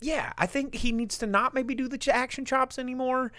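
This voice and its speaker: A man co-hosting a casual live show, telling rambling, animated stories about his bar. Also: fairly quick, no echo. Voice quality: big booming voice when yelling. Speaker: podcast co-host and bar owner.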